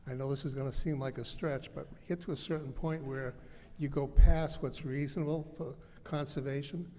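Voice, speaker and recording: A man's voice: mid-range voice, steady tone, moderate pace, dark tone. A man serving as town selectman, making an earnest, persuasive speech from the floor of a public meeting. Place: large town meeting hall. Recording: echoey hall, faint room noise.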